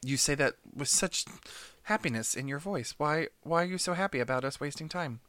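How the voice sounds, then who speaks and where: Male podcast co-host, chatty storyteller, bright and dry. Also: fairly high pitch, fairly quick, no echo. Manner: animated anecdote-telling with laughs. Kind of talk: casual storytelling chat.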